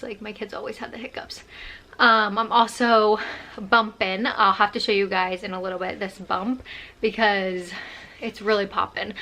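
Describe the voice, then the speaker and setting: A young woman vlogs straight to camera in a chatty, bubbly way, with likes and ums all through her talk. Her voice is bright, and she sounds a little short of breath. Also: mid-range voice. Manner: chatty, bubbly, many fillers. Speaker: vlogger. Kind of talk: casual chat to camera.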